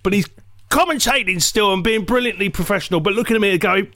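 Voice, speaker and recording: Bloke comedian rambling thru a funny story, kinda high voice, swears a lot, dry mic. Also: male voice, a little fast, no echo. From England. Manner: animated, jokey, digressive, swears, acts out voices. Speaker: comedian, podcast co-host. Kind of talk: casual chat, comic storytelling.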